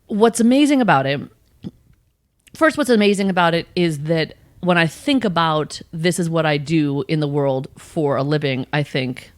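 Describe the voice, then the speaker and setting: A woman guest, a spiritual coach, chatting casually on a podcast with animated asides and laughter. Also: deep voice, moderate pace, no room sound, studio quality.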